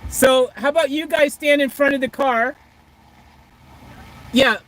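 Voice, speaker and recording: A vlogger livestreams outdoors beside a car, casually reading viewer comments aloud in a rambling, hesitant way full of restarts. The voice is high-pitched and a bit bright at a measured pace, and the recording quality is low.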